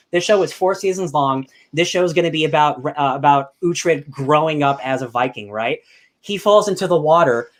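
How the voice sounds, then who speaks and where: A young man hosting a podcast, chatting casually in an excitable, rambling way with bursts of loud enthusiasm. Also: a little high, normal speed. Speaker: podcast host. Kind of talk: casual chat.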